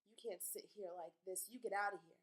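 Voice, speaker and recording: A woman voicing a stern grown man who runs a movie house, giving hurried, gruff orders in a slightly lowered voice. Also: steady tone, lightly acted, poor audio.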